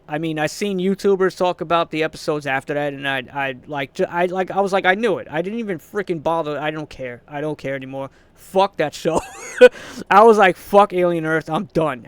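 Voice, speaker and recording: A young male vlogger with a fairly high voice rants casually and frustratedly about movies, swearing, rambling, restarting and laughing briefly. There is no room sound.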